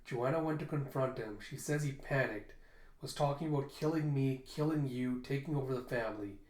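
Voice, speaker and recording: A man's voice: medium pitch, fairly quick, a little mellow, close to an everyday voice. A man reading a stern young woman soldier. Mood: grim report. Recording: roomy echo.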